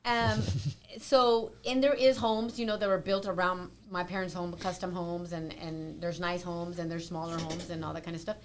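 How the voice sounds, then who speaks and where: A woman's voice: on the low side, level tone, moderate pace, slight background noise. A woman on a casual panel chat, earnestly explaining her own view at length.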